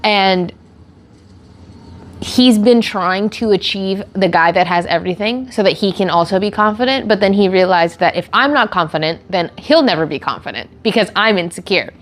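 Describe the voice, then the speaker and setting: A young woman streamer chatting casually with her chat and telling an animated story, full of laughter and filler words. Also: mid-range voice, normal speed. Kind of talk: casual chat answering chat questions.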